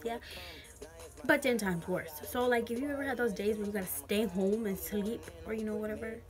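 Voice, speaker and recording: A woman's voice: medium pitch, brisk, over music. A young woman telling a story frankly and casually, full of slang and swearing. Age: young adult. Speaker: vlogger.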